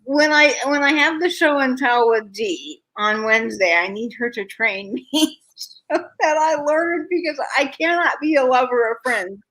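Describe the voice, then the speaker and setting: A woman's voice: high-pitched, measured pace, a bit bright, low-quality recording. A woman co-hosting a casual live chat, chatty and self-deprecating, often laughing at herself. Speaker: co-host.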